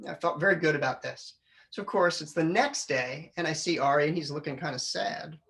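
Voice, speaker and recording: A middle-aged man giving a humorous storytelling speech to a club audience, animated, acting out his family's lines. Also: a little high, a little fast. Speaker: public speaker. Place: club meeting room.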